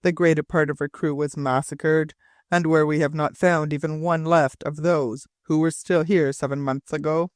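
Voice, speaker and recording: A man's voice: on the high side, fairly even intonation, moderate pace, dry recording, studio quality, lightly acted. A man reading a stern, commanding ship captain. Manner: commanding, demanding tone.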